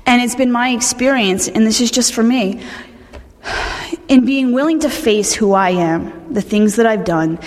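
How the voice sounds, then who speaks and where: A woman's voice: fairly high pitch, a little slow, darkish tone. A woman giving a personal recovery testimony, speaking candidly and conversationally, often restarting her sentences. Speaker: speaker sharing a recovery story. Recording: long reverb of a large hall.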